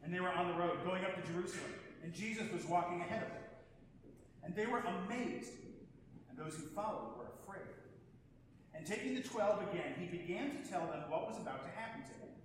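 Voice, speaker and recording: A man reading a gospel passage aloud in a measured, unhurried liturgical style in a church sanctuary. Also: high-pitched, animated. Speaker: scripture reader. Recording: very echoey church hall with background noise.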